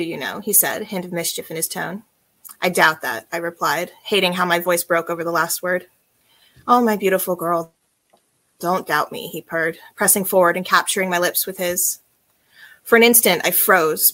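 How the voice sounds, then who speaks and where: A woman author reading from her own novel in an even, intimate storytelling voice with a soft, low delivery.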